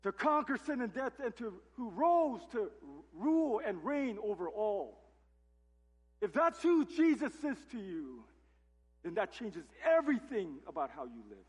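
A man's voice: sits high, sing-song, unhurried, husky. A man preaching a sermon as pastor, emphatic and full of rhetorical questions, in a church sanctuary. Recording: long hall reverb.

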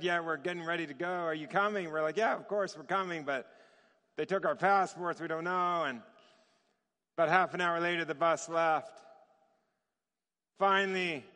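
A man preaching with a high, bright, forceful voice. He tells his sermon as a story, chuckles often and acts out the voices in it, while a long reverb from the hall trails behind him. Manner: lively, chuckles often, acts out quoted dialogue.

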